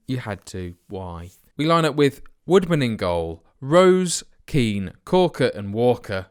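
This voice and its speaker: A young man gives sarcastic, self-mocking commentary on his football management game. His pitch leaps up and down with lively swings, and his voice stays smooth and clear. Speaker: let's play host.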